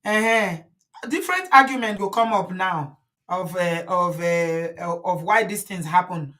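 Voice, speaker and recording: A woman's voice: fairly low pitch, expressive, measured pace, a bit bright. A woman in her forties with a Nigerian accent, giving outspoken, emphatic commentary as host of her own channel and slipping into Pidgin. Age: 40s. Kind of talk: opinionated commentary.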